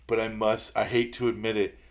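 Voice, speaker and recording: A man's voice: fairly low pitch, a little fast. A middle-aged man, a podcast co-host, telling a rambling story in casual chat and acting out what people said. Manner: rambling animated storyteller, acts out quotes.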